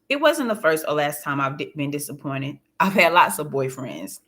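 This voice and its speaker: A woman's voice: low-pitched, big pitch swings, normal speed, hardly any pauses, a bit bright. A woman reading a first-person audiobook in a plain, confiding storytelling voice. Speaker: audiobook narrator.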